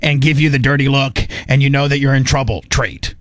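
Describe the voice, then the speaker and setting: A man in casual conversation, telling a lively story and acting out what others said. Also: medium pitch, brisk, no room sound, studio quality. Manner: animated, acts out quotes of others. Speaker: guest recounting a trial.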